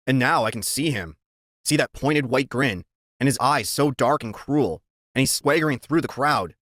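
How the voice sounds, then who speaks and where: A man reading a children's story aloud in the first person, telling it in a lively, expressive way. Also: mid-range voice, moderate pace, no room sound, studio quality. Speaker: reader.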